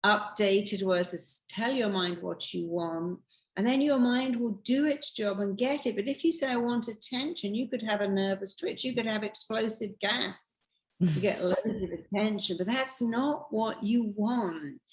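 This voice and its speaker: A woman's voice: mid-range voice, unhurried. An older woman giving emphatic advice as a podcast guest, acting out quoted voices. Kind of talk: animated advice talk. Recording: roomy echo.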